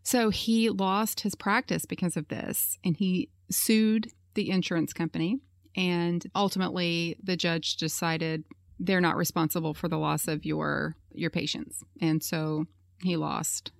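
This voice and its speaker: A woman's voice: on the low side, steady tone, a little slow, vocal fry, no echo, studio quality. A woman hosting a podcast, telling a true-crime story in a casual, chatty way with lots of "you know" fillers. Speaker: podcast host.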